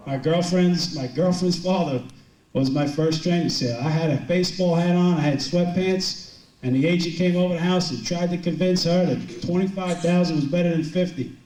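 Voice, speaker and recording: A man's voice: fairly high pitch, normal speed, darkish tone. A middle-aged man giving a rambling, joking motivational talk to a business audience. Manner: joking, rambling storyteller with many restarts. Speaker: motivational speaker. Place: large event hall with a live audience. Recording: roomy, distant hall mic with crowd laughter.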